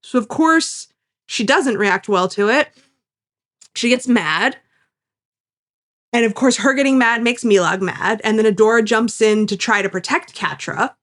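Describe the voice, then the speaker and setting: A woman's voice: on the high side, unhurried, long pauses, fairly bright tone. A woman co-hosting a podcast, recapping an episode in casual chat and acting out the characters' lines with enthusiasm. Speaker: podcast co-host.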